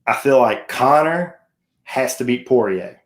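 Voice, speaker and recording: A man's voice: mid-range voice, animated, a little slow. A man hosting a casual sports talk show, chatty and jokey, tossing questions to his co-host and viewers.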